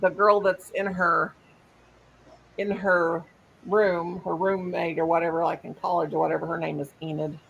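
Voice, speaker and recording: A woman's voice: on the low side, flat delivery, normal speed, vocal fry, muffled recording, slight background noise. A woman hosting a casual live stream, rambling and trailing off mid-sentence.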